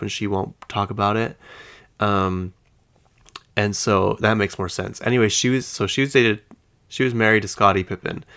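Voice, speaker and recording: On his podcast, a man rambles casually about celebrity gossip, talking straight to listeners he calls "you guys" in a chatty pop-culture conversation. His voice is on the low side with a fairly bright tone.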